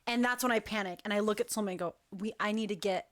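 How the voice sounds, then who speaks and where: A young woman hosting a talk show, telling a long story in a chatty, animated way and acting out what people said. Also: mid-range voice, quick pace. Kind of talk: casual storytelling.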